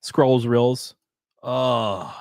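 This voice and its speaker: A man's voice: medium pitch, extremely slow, darkish tone, no echo, clean studio sound. A man streaming live, reading chat messages and riffing sarcastically with plenty of swearing and mocking voices.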